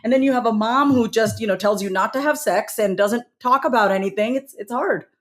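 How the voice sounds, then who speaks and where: A woman guesting on a podcast, speaking candidly and self-reflectively, quick to laugh, in casual conversation. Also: a little high.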